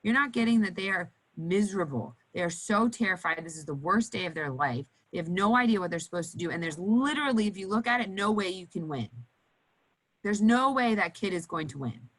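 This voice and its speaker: Speaking briskly in a mid-range voice, an occupational therapist addresses nurses on an educational panel. She's animated, putting on cheerful kids' voices, though the audio is poor.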